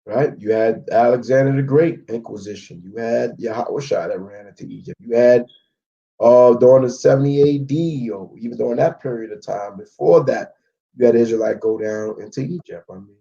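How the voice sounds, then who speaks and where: Male Bible teacher with a warm, dark voice, leading a live study and checking in often with listeners. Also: medium pitch, normal speed, vocal fry, dull audio. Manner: checks in with frequent "okay?"; walks through maps and word studies on screen. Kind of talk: live Bible history lesson.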